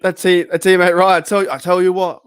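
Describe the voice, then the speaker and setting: Casual Australian streamer, male, rambling and giggly, slightly high-pitched. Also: little pitch movement, brisk, smooth. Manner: giggly, rambling, breaks into laughter. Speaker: streamer hosting a football watch party. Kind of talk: casual live-stream chat.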